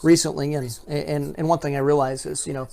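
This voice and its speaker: Male pastor, homespun storyteller with a light comic touch, voice a bit high. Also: little pitch movement, fairly quick, gravelly. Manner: anecdotal, gently humorous. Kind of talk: casual faith chat.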